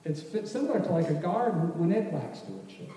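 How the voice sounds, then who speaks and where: High-voiced man in an echoey hall. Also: sing-song, fairly quick, mellow, far from the mic. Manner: casual, rambling, many restarts. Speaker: church class speaker. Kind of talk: folksy teaching talk with a story.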